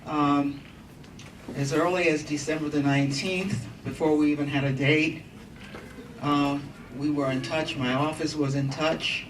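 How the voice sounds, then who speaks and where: A woman hosting a community meeting as a congresswoman, giving formal opening remarks into a handheld microphone, halting and pausing with fillers. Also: deep voice, fairly even intonation. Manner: formal, halting delivery with frequent pauses and fillers. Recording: distant mic, noisy meeting room.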